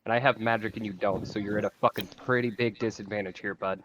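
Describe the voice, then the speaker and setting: A man voicing a quietly menacing male thief in a tabletop game. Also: fairly even intonation, fast, dull audio, slight background noise, close to an everyday voice. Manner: low, threatening.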